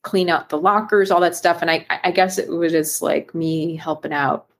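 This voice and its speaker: A woman co-hosting a casual fitness podcast, chatty and quick to laugh, with lots of fillers. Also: fairly low pitch, steady tone, creaky. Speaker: podcast co-host. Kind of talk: casual chat.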